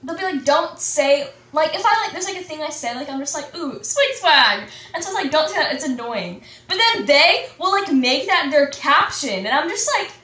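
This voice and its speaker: A woman's voice: high-pitched, expressive, brisk, few pauses, pushed and bright, recorded from a distance. A teenage girl in casual chat, rambling and saying "like" constantly as she complains. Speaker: co-host. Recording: echoey room from off-mic.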